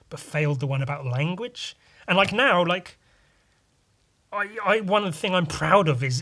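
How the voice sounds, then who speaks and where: A man's voice: mid-range voice, fairly bright tone. A man hosting a casual solo podcast, rambling, swearing freely and poking fun at himself. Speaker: podcast host.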